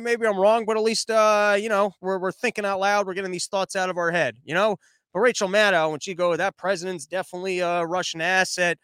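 A man hosting a podcast, rambling through casual political commentary as he thinks out loud, with crude humor. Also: sits high, no echo. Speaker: podcast host.

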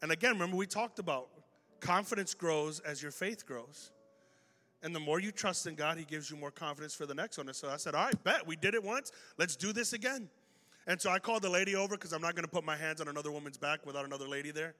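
A male pastor telling a story in a sermon, lively and animated, acting out the voices of the people in it. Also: a little high, quick pace. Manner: animated, acts out dialogue in the story. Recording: long hall reverb with faint music.

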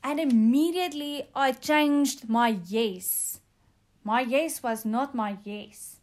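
Earnest woman with a raised pitch, delivering an unhurried devotional testimony. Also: a little mellow. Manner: earnest, with frequent um fillers. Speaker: speaker sharing a testimony.

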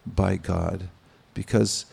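A man giving a devotional sermon, speaking in a measured, pausing way with gentle humor. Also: deep voice, little pitch movement, vocal fry, husky. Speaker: spiritual teacher. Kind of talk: sermon with anecdotes.

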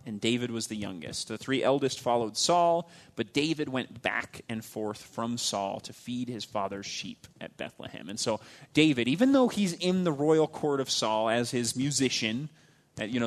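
A man teaching a casual Bible lesson, reading passages aloud and explaining them in a loose, conversational way, with fillers and phrase ends that drop off quietly. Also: mid-range voice.

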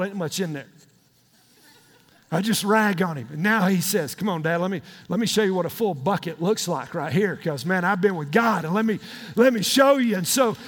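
A middle-aged man preaching a sermon in a folksy, emphatic way, breaking into sudden shouts. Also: high voice, breathy edge. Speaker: pastor. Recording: long hall reverb.

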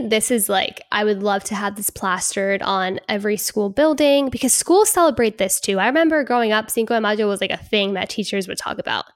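A young woman with a slight Hispanic American accent, co-hosting a casual discussion in an earnest, measured way with "um" pauses. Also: mid-range voice, no room sound, studio quality. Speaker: co-host.

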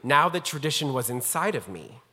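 A man's voice: medium pitch, sing-song, normal speed, pushed and bright, slightly rough. A rabbi speaking formally and earnestly as he introduces a guest scholar, telling a personal story. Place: synagogue sanctuary. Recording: long hall reverb.

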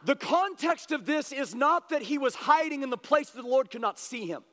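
Man, pastor, very high voice, impassioned sermon, long echoing hall. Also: animated, moderate pace. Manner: impassioned, rising to shouted appeals.

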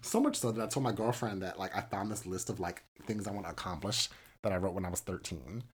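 A man in his thirties co-hosting a podcast in casual chat, campy and animated, often mimicking people in high voices. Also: fast, breathy edge. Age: 30s. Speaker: podcast co-host.

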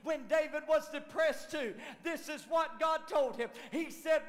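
High-voiced pastor preaching in an echoey hall. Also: male voice, measured pace, few pauses. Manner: dramatic, swinging from shouts to near whispers. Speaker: lead pastor. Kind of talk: sermon. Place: church sanctuary. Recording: echoey church hall with faint piano.

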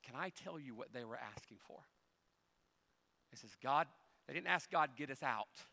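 A male pastor preaching a sermon, moving from quiet folksy storytelling with humorous asides to loud, rising emphasis. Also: medium pitch, expressive, normal speed, vocal fry.

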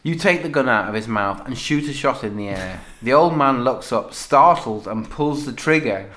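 A man's voice: mid-range voice, expressive, normal speed, fairly bright tone. A man co-hosting a podcast, reading out text-adventure prompts and laughing often as he reads. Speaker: podcast co-host, game reader. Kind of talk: casual podcast chat, reading game text.

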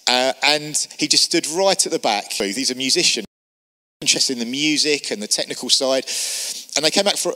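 Male pastor, middle-aged, lively storytelling sermon, long church reverb. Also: fairly high pitch. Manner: lively storyteller, quotes people in character.

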